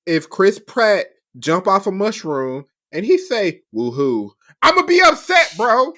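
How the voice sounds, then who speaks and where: A man's voice: high voice, a little slow. A man co-hosting a podcast, chatting casually and emphatically about movie trailers, often saying "bro". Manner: animated, emphatic, says "bro" a lot. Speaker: podcast co-host.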